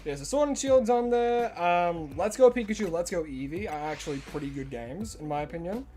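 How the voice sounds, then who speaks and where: Over faint background music, a high-voiced Australian man livestreams a game, sounding animated and brisk with a dark tone. He jokes around, says hello to chat readers and responds to them in a casual gaming chat, his voice prone to cracking now and then.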